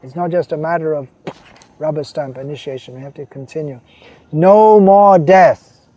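A man giving a devotional sermon, reading quotations and explaining them, slowing down to stress key phrases. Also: on the high side, steady tone, dark tone, breathy edge, no echo, highs cut off. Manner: voices quoted figures, slows to stress key phrases. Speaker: preacher.

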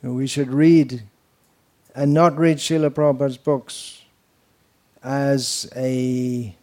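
Man, devotional lecture, rambling anecdotal delivery, mocking asides, middle pitch. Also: a little mellow. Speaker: spiritual teacher.

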